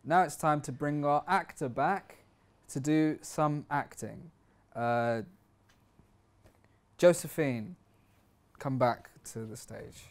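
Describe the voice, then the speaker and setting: A man playing a deadpan, self-assured acting coach in a comedy sketch, talking in short clipped lines. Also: on the high side, slow pace, pauses often.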